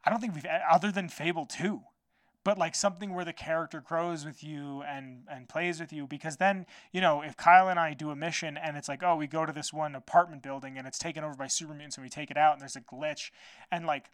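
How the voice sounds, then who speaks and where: Fast-talking, rambling male podcast host. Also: on the high side, fairly even intonation, a bit bright, no room sound. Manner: rambling, loose, swears, lots of "like" fillers. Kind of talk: casual solo podcast chat.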